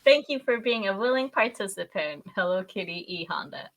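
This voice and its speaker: This young woman, a guest on a podcast, speaks briskly in a mid-range voice as she tells an animated story in casual chat. Laughter comes often, along with loud squeals as she acts out how she reacted.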